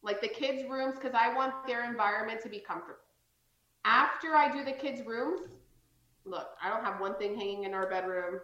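Chatty woman co-host, very high and bright, roomy dull lo-fi sound. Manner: chatty, emphatic, quick to agree. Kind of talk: casual chat.

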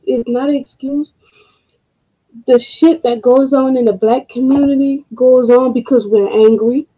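A woman hosting a podcast, speaking in a casual monologue, emotional and frustrated, with slow deliberate pauses. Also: fairly high pitch. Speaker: podcast host. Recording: dull lo-fi audio.

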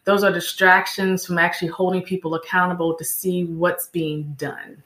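Woman, interview guest, emphatic, lecturing, lower voice, echoey room. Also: level tone, moderate pace, fairly bright tone. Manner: emphatic, lecturing, lists examples. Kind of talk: interview answers.

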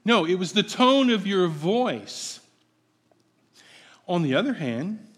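A male pastor delivers a sermon at an unhurried pace, his slightly raised voice ringing through a long hall reverb. He preaches in a playful, conversational way and keeps asking his congregation questions. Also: on the high side, expressive, fairly bright tone, slightly rough.

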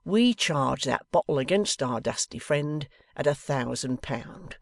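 Guy doing a creaky old crook, one wooden leg, gloating, slow and mean. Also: mid-range voice, expressive, dry recording. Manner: menacing, deliberate, turns w for v. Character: grasping one-legged scheming male blackmailer.

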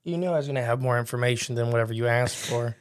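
A man's voice: medium pitch, no room sound, studio quality. A man hosting a podcast, chatting casually and rambling, mocking himself and piling on facts. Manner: rambling, self-mocking, quick to add facts. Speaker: podcast host. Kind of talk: casual chat. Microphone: studio microphone with headphones.

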